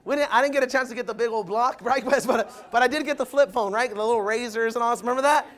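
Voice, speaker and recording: A young man giving an energetic motivational business talk to a crowd, calling them "guys" and acting out what people said. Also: very high voice, fast talker. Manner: energetic, addresses the crowd as guys, acts out quotes. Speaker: motivational speaker.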